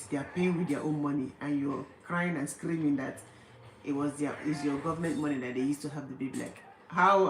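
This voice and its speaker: A woman with an Angolan accent chatting casually on a livestream, laughing often and mimicking people mockingly. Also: low voice. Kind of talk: casual chat. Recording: echoey room, faint background noise.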